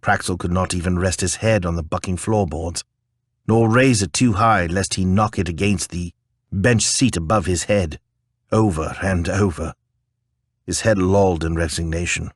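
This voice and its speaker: A man narrating a fantasy audiobook in a measured, calm way. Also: low-pitched, no room sound, clean studio sound.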